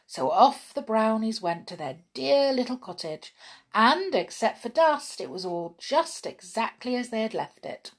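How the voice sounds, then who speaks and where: A woman reading a children's fairy tale aloud in a gentle, expressive storytelling manner. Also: on the high side, a little slow. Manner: gentle, expressive reading with lively dialogue voices.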